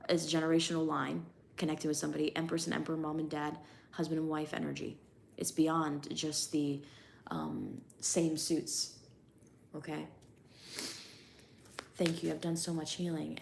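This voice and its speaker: A young woman giving a chatty, animated livestream tarot reading, casual and loose with her swearing. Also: low voice, creaky, a little hiss or hum. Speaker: tarot reader.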